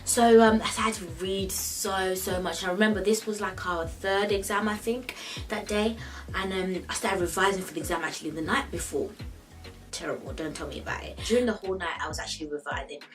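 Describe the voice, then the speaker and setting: A young woman vlogger telling a story in a chatty, animated way, with many fillers. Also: medium pitch, fairly quick, recorded from a distance, soft background music, rough recording. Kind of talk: casual story time vlog.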